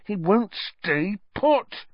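A man's voice: high-pitched, big pitch swings, extremely slow, dry recording, muffled recording, pitched above the performer's own voice, full character voice. A man doing a frantic teenage boy. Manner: frantic, hissing, shouting.

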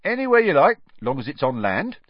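A man reading an audiobook voices a brash, cocky teenage male bus conductor with a loud, slangy manner. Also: fairly high pitch, wildly swooping pitch, fairly quick, no echo, muffled recording, voice pushed up. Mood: proud.

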